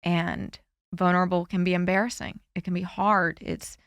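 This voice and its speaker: Earnest woman candidate, low voice. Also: level tone, dry recording. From Florida. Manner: earnest, heartfelt, with frequent "you know" and pauses. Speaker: congressional candidate guest. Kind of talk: candid interview conversation.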